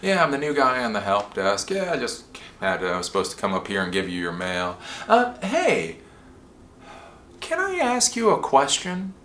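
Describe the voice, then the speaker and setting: A man putting on the voice of an eager young male help-desk newcomer who asks quick, chatty questions. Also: mid-range voice, huge pitch swings, a bit bright, echoey room, slight background noise, voice pushed up.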